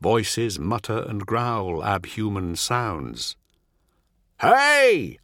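Bright-voiced male audiobook narrator. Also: lowish voice, very animated, dry recording, clean studio sound. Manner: measured, dramatic reading.

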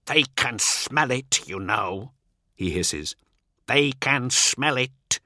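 A man's voice: extremely low pitch, steady tone, slow pace, sharp tone, no room sound, clean studio sound, voice pushed down, exaggerated voice. A man voicing a desperate, wounded man who hisses his demands and then screams at full voice. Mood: hissing.

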